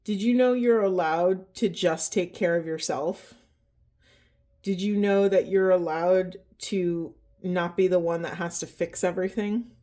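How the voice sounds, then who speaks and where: A woman giving a slow, halting spiritual card reading, emotional, with heavy breathing and a trembling voice. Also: on the low side, mellow. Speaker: oracle card reader.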